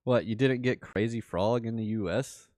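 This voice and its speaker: A man's voice: on the low side, moderate pace, darkish tone, dry recording, clean studio sound. A man streaming a crypto trading session, chatting casually and rambling to his viewers with frequent laughs. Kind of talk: casual livestream chat.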